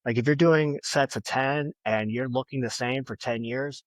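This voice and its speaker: A man's voice: mid-range voice, normal speed, dry recording. A man guesting on a podcast, talking emphatically and motivationally, often saying "like" and "you know". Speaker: podcast guest, fitness and bodybuilding figure. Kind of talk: casual interview talk.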